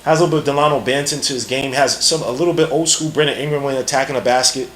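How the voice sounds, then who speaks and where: A man hosting a podcast and giving live, rambling, slang-heavy draft commentary. He is excitable and jumps quickly from one thought to the next. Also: mid-range voice, a little hiss or hum. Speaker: podcast host.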